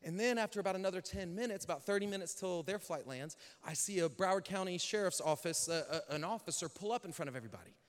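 A male pastor telling a story in a sermon, animated, dropping to a hush and then rising loud. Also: sits high, fast, hardly any pauses. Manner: animated, swings between hushed and loud. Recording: long hall reverb.

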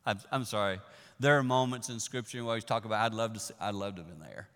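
A man preaching a sermon, telling the story in an animated way that swings from hushed to loud. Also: on the low side, quick pace. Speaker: pastor. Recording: echoey hall.

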